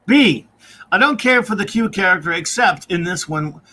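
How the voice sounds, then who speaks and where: A man's voice: high-pitched, expressive, moderate pace, background noise. A man hosting a casual live-stream review, reading out viewer comments and grades and chuckling often. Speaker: podcast host.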